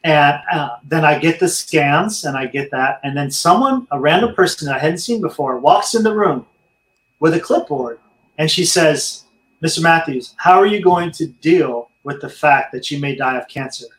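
A man's voice: fairly high pitch, animated, normal speed, fairly bright tone. A man telling his own story candidly in a casual interview, speaking openly to the listeners. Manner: earnest, candid storyteller addressing listeners as friends. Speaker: interview guest. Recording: echoey room.

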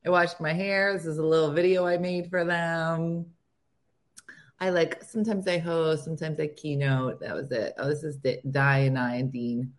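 A woman in her forties hosting a casual morning show, animated and acting out what people say. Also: sits low, a little slow. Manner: animated, gasping and acting out quotes. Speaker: host.

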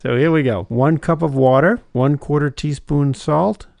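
A man co-hosting a cooking show, reading the recipe's ingredients in a steady, matter-of-fact way. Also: on the high side, normal speed, creaky, dry recording.

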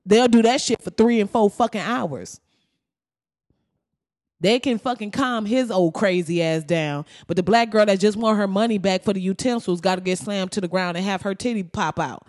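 A woman's voice: mid-range voice, normal speed. A woman hosting a podcast, telling stories in casual, heavily profane commentary. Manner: profane, animated storytelling. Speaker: podcast host.

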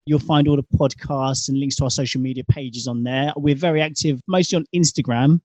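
A man's voice: medium pitch, fairly even intonation, brisk, darkish tone, no room sound. A man with a British accent, chatting as a podcast guest in a rambling way, full of fillers. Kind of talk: casual conversation.

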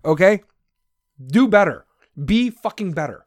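A man's voice: on the high side, expressive, normal speed, dry recording, studio quality. A man delivering an angry, profane rant to camera, aggressive and swearing constantly. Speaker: vlogger.

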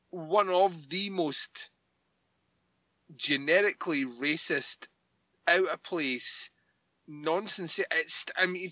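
A man co-hosting a podcast in casual chat, animated and quick to laugh and swear. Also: high voice, dry recording, highs cut off. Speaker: podcast co-host.

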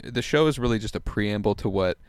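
A laid-back man in his twenties rambles through a story while stoned, swearing often and slipping into impressions of the people he met. His voice sits a little low and comes across smooth and clear in a dry, close-miked space. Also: fairly quick, no echo. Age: 20s. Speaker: podcast host telling a story. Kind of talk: casual storytelling chat.

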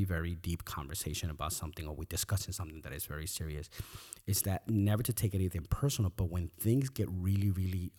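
Talking reflectively on his podcast, the middle-aged host is earnest and tends to repeat words as he thinks things over. He has a low, darkish, slightly rough voice.

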